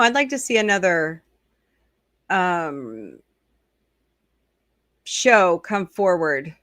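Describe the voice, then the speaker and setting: A woman's voice: lowish voice, fairly bright tone, no echo, studio quality. A middle-aged woman hosting a casual live stream, chatting and answering viewer comments. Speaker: host.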